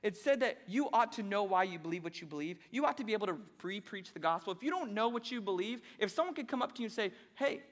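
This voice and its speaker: A man preaching a sermon as a pastor, talking in an animated, conversational way with sarcastic asides. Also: high-pitched, quick pace, few pauses. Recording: long reverb of a large hall.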